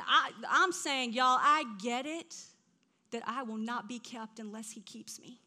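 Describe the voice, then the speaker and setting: A middle-aged woman preaching a sermon, telling stories in an animated way that drops to a hush and rises to loud outbursts. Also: fairly high pitch, measured pace. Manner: animated storytelling, swings from hushed to loud.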